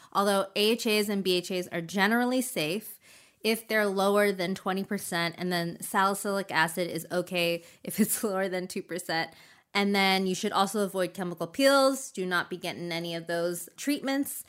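Bright-voiced woman hosting a podcast. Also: medium pitch, moderate pace. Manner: giggly, stumbles over long words. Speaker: podcast host. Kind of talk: casual beauty podcast chat.

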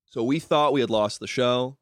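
A man's voice: medium pitch, normal speed, dry recording, studio quality. A young man, a comedian, talking in a loose, rambling casual conversation full of "like" and restarts. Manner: loose and rambling, heavy use of "like". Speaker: comedian and podcast guest.

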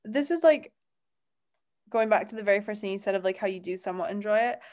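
A woman's voice: mid-range voice, fast, darkish tone. A young woman co-hosting a podcast, rambling in casual chat with many fillers and apologies. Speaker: podcast co-host.

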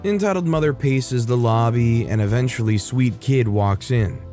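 A man reading a reddit story aloud in a conversational, expressive storytelling manner. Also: mid-range voice, normal speed. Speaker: story narrator. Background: faint background music.

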